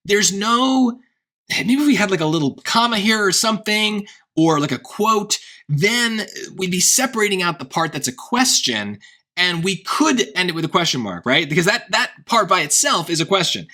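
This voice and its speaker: Bright-voiced man tutoring casually. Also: high voice, very animated, normal speed. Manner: thinks aloud, restarts, often checks with "right?". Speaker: SAT tutor.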